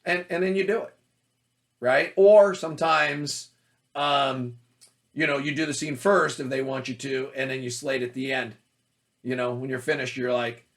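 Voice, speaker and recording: A man teaching about auditions as an acting coach, talking in a loud, forceful, energetic way. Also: mid-range voice, moderate pace.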